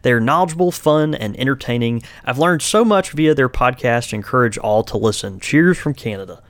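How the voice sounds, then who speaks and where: A man with an American accent co-hosting a casual podcast, friendly and quick to laugh. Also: medium pitch, expressive, dry recording. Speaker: podcast co-host.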